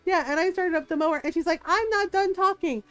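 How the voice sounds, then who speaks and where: A middle-aged woman streamer chatting casually, telling an animated story with frequent laughs and quoted voices. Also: very high-pitched, quick pace, no echo, faint music behind. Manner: animated, laughing often, quoting others in shifting voices.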